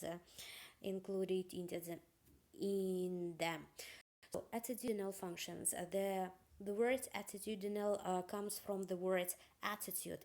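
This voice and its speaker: A woman delivers a university phonetics lecture. She talks at a middling pitch and speaks carefully and hesitantly, often filling gaps with "uh" and restarting her phrases. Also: a little mellow. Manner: hesitant, many fillers and restarts.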